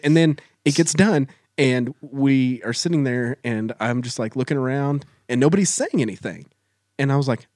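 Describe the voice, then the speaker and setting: Lively man telling a funny story. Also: a little high, moderate pace, no room sound, studio quality. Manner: animated, self-mocking storytelling. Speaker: guest storyteller. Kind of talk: casual chat.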